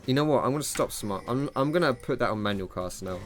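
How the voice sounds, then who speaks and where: A man's voice: mid-range voice, lively intonation, quick pace, slight background noise. A young man commentating his own gameplay live, self-critical and rambling, with casual slang and swearing. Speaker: gaming streamer.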